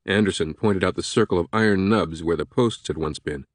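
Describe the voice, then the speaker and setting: A man narrating an audiobook in a measured, even manner. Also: low voice, dry recording, clean studio sound.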